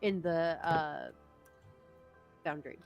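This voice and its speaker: A woman talking casually as a player after a tabletop campaign, quick with quips. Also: low-pitched, creaky, muffled recording, soft background music. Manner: quick quips, laughs often.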